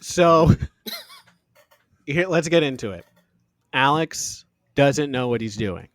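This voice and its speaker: A man's voice: medium pitch, expressive, takes it slowly. A laid-back man walks his co-hosts through an episode recap. The sound is dry and close, with little room echo. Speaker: podcast co-host. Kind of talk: casual chat, episode recap.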